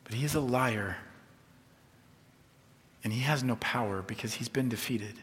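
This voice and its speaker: A man preaching a sermon as a pastor, conversational and humorous, swinging from soft to emphatic. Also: mid-range voice, normal speed. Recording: long reverb of a large hall.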